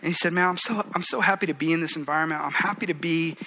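Male pastor, 30s, high bright voice, earnest and conversational, shifts between soft pleading and building intensity. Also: fast talker, poor audio. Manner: earnest, conversational, swings from hushed pleading to rising fervor. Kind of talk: sermon.

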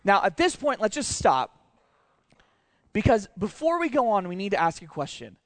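A man preaches in a high, light voice, telling a story with energy and stopping to ask his listeners questions. The sound is close and dry, with no room around it. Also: moderate pace, dry recording. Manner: storytelling, animated, asks rhetorical questions. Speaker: pastor. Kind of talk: sermon.

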